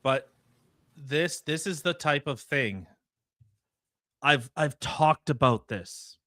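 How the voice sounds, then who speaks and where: Male podcast host, indignant commentary, restarts a lot; bright tense voice, slightly high, dry. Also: slow pace, no room sound. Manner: indignant, heated, stammering restarts. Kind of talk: opinionated commentary.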